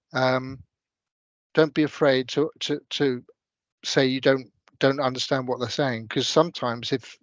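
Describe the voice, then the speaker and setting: A man's voice: on the high side, a bit bright, no echo. Hesitant middle-aged man, dry sound. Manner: hesitant, many fillers and restarts. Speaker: ex-military panel guest. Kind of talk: casual career advice chat.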